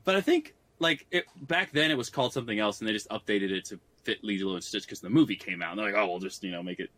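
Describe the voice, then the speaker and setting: A man's voice: fairly low pitch, quick pace, fairly bright tone. A man co-hosting a gaming podcast, rambling casually with lots of filler words and frequent laughter. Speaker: podcast co-host. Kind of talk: casual chat.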